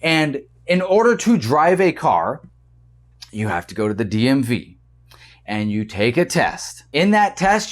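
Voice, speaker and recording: A man hosting a casual commentary vlog, animated and often repeating words as he argues his point. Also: sits high. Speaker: vlog host.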